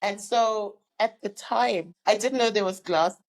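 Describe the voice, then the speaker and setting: A woman in her fifties from Zimbabwe tells her story as an interview guest. She speaks at a middling pitch and slips into the voices of the people she quotes. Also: measured pace, poor audio. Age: 50s.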